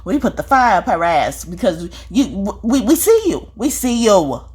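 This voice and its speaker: A woman's voice: mid-range voice, big pitch swings, moderate pace, a little mellow, slightly rough. A woman giving a spiritual reading, talking straight at the viewer, profane and scolding, repeating her points and tagging them with "okay?". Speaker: spiritual reader. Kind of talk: confrontational spiritual vlog monologue.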